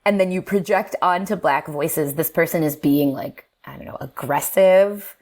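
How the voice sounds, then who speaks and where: Guest linguist, woman, lower voice, animated and laughing, casual explainer. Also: normal speed. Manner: lively, animated, laughs often, fillers like "um" and "like". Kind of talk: casual explanatory podcast talk.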